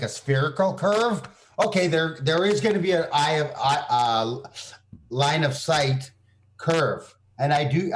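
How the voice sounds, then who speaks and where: A man with a Canadian accent, a guest in a casual debate, insistent and halting as he explains his view. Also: fairly high pitch.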